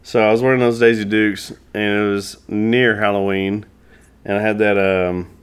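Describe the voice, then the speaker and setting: A man chatting on a casual podcast, dropping deadpan jokes. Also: fairly low pitch, normal speed, smooth. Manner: deadpan joker.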